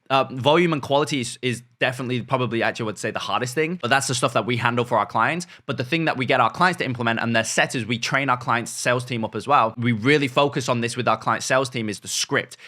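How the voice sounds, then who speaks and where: A young man coaching on sales, talking fast and energetically with many fillers and check-ins like "right?" and "okay?". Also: medium pitch, bright, forceful tone. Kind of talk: business coaching talk to camera.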